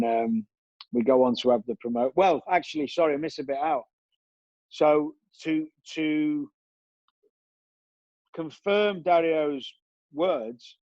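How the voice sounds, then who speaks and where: A man's voice: fairly high pitch, mellow, no echo, highs cut off. A man, a guest telling long stories in a rambling way, with many restarts and fillers. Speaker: interview guest, former footballer. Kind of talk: relaxed storytelling.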